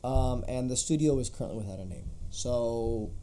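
A man co-hosting a gaming podcast, talking through the news in a relaxed, rambling way. His voice is mellow and dark, with plenty of ums and restarts as he goes. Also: mid-range voice, moderate pace, a little hiss or hum. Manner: relaxed, chatty, lots of fillers and restarts. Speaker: podcast co-host reading news. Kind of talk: casual gaming podcast chat.

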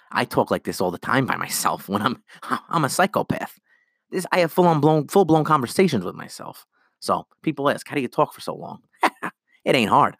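A man hosting a solo podcast, ranting in an animated, rambling way and acting out characters' lines. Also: fairly low pitch, no room sound, clean studio sound. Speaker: podcast host.

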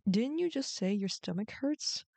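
Kind, helpful talking wooden barrel for a bedtime tale, played by a female narrator, lifted pitch, dry recording. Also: expressive, unhurried, creaky, a little mellow, no room sound, heavily acted. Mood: indignant. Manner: friendly and helpful. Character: kind big wooden barrel car, gentle, later angry.

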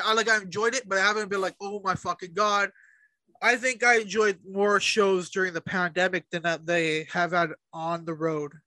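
A man's voice: sits high, pushed and bright, no room sound, low-quality recording. A man co-hosting a casual chat show, ranting animatedly and swearing often. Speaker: podcast co-host.

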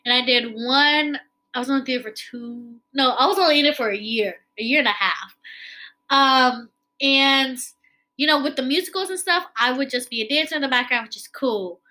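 A young woman hosting a casual chat, talkative and quick to laugh, with many fillers. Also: high voice, bright, forceful tone, poor audio. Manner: chatty, filler-heavy, laughs easily. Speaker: podcast host. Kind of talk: casual conversation.

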